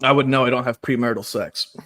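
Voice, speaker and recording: A man talking as a guest on a podcast in casual banter, telling deadpan jokes with rambling asides. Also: mid-range voice, fast talker.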